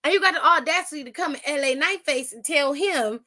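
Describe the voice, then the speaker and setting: A woman's voice: high-pitched, fairly quick, sharp tone. A young woman hosting a podcast, giving a blunt, profane recap and acting out other people's lines. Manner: blunt, profane, with acted-out quotes. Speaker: podcast host. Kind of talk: casual wrestling recap.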